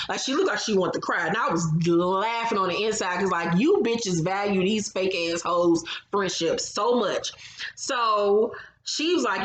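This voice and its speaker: A woman's voice: mid-range voice, expressive, moderate pace, a bit bright, roomy sound, slight background noise, low-quality recording. A woman recapping a reality TV episode in a blunt, sassy, heavily profane casual chat, often mimicking the cast.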